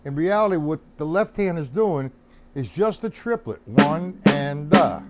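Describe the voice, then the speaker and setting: A man teaching a live-streamed drum lesson, explaining rhythms, counting beats out loud and greeting viewers by name. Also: fairly high pitch, expressive, moderate pace, over loud music.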